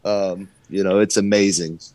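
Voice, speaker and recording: A man co-hosting a livestream, making dry, drawn-out casual remarks full of "you know". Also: low voice, fairly even intonation, crowd noise.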